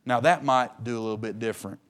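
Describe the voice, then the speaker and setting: A preacher in the middle of a sermon, folksy and emphatic. His voice is plain and mid-pitched, and it climbs loud on his points, then drops to a near hush. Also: quick pace.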